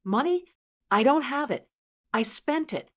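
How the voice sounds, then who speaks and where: A woman voicing a slick, desperate male con man who talks in smooth sales patter and turns to hissed pleading. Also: high voice, expressive, a little slow, voice pushed up. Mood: panicked.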